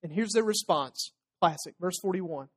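A man's voice: sits high, normal speed, slightly rough. A man preaching a sermon as pastor, talking through scripture conversationally with tag questions and playful asides. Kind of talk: expository sermon.

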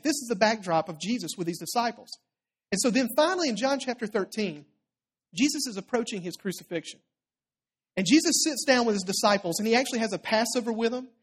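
A preacher giving a sermon in a conversational storytelling way, often checking in with the listeners and dropping low and quiet for quoted lines. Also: husky.

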